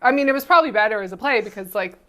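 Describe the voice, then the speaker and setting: A woman's voice: on the high side, expressive, very fast, pushed and bright, echoey room. A woman co-hosting a movie podcast, giggly and sarcastic in casual chat.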